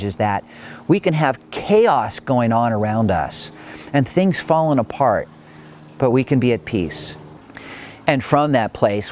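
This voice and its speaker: Man, mid-pitched voice, earnest motivational talk, heartfelt, rises with emphasis. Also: darkish tone. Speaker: motivational speaker.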